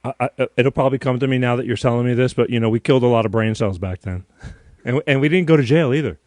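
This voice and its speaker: A man chatting casually as a guest, calm and a little hesitant as he prompts his friend. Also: medium pitch, quick pace, no room sound, studio quality. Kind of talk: casual chat.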